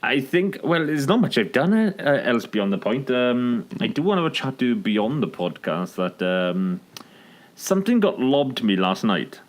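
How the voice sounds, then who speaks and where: A man co-hosting a podcast in casual chat, excitable and full of "like" fillers. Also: mid-range voice, normal speed. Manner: excitable, heavy use of "like" fillers. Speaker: podcast co-host.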